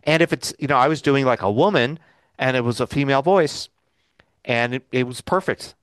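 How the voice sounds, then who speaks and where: A man's voice: medium pitch, a little fast, no room sound. Man chatting casually, dry sound. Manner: rambling, loose delivery with many fillers. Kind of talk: casual chat. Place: home recording studio.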